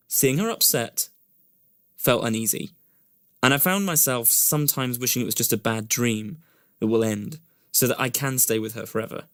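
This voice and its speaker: A man's voice: mid-range voice, a bit bright. A man narrating a scripted first-person story in an earnest storytelling voice that rises often.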